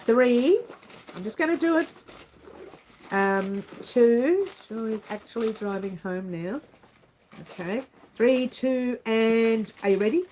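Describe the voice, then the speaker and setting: A woman's voice: on the high side, slow, a little hiss or hum, low-quality recording. Chatty woman hosting a livestream. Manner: chatty, animated, talks to viewers by name. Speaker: livestream host. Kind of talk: casual livestream chat.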